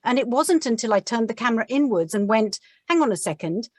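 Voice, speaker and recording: A woman's voice: fairly high pitch, animated, brisk, no room sound, studio quality. A British woman, an audiobook narrator, chatting on a podcast in a reflective, encouraging way. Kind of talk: casual chat.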